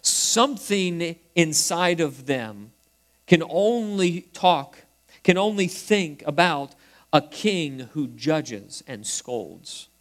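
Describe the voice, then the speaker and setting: Guy preaching, kinda higher voice, gets loud then drops way down soft. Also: animated, slow pace. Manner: swings from emphatic to hushed, soft quoted refrains. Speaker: pastor. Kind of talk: sermon.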